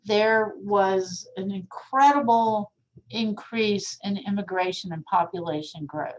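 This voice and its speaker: A woman's voice: mid-range voice, takes it slowly, poor audio. A woman lecturing on art history in a casual, chatty way, full of asides. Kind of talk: recorded classroom lecture.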